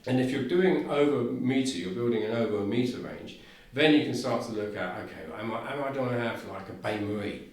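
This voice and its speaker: A man's voice: mid-range voice, a little fast. A man with a South London accent, talking enthusiastically as a podcast guest and often restarting his sentences. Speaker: guest, cooker company representative. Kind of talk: casual podcast conversation. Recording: very echoey room.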